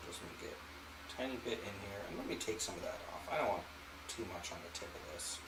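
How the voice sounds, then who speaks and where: A man hosting an art channel, walking through a painting demonstration in a relaxed way and thinking aloud as he works. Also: fairly low pitch, quick pace, reverberant, very noisy. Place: home art studio.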